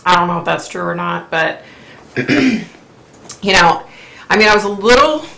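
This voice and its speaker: A woman hosting a casual live-stream chat, chatty and opinionated, clearing her throat often as her voice wears out. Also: lowish voice, lively intonation, measured pace, a bit bright, reverberant. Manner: chatty, opinionated, frequent fillers. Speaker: host.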